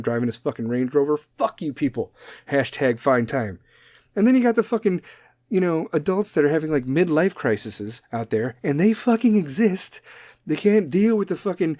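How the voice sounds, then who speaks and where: This podcast host, a man in his thirties, delivers a profane, comedic rant full of sarcasm and nonstop cursing. He speaks at a medium pitch with a somewhat dark timbre, captured in clean studio sound with no echo.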